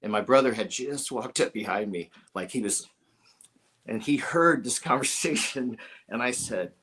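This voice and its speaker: A middle-aged musician from Dayton, Ohio, appears as a guest in a conversational interview, telling stories animatedly in a mid-range voice at a moderate pace. He acts out the voices of the people he quotes and chuckles often.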